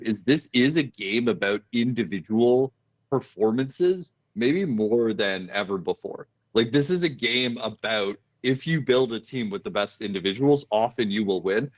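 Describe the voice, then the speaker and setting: A man co-hosting an esports podcast, talking in a halting way and repeating words as he restarts. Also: mid-range voice, lively intonation, dry recording, dull audio. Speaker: podcast co-host. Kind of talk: casual esports chat.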